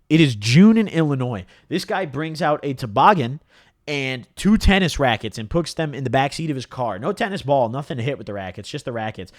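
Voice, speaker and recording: A young man spins a story to camera in loose, slang-heavy talk, his pitch leaping up and down as he goes. The sound is dry and close, with no room around it. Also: no room sound. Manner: slangy, animated, lots of "dude" and "bro". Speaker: vlogger telling a story.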